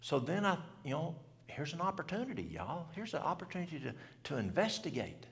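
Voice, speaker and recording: A man's voice: a little high, sing-song, brisk, gravelly, a bit bright, big-room sound. A man, telling a story in a folksy, country way at a church event and asking the audience questions. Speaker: health speaker. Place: church hall.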